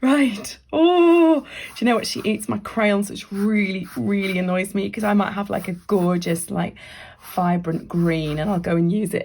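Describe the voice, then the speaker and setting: A woman leads a children's drawing tutorial in a chatty, encouraging way, often dropping into soft whispered asides. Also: mid-range voice, a little hiss or hum. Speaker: library staff member leading a craft activity.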